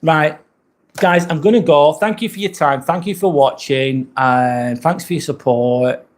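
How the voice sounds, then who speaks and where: A man's voice: on the high side, a little slow. A British man hosting a casual live stream, chatting loosely and thanking viewers as he reads their comments. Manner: relaxed, rambling, thanks viewers often.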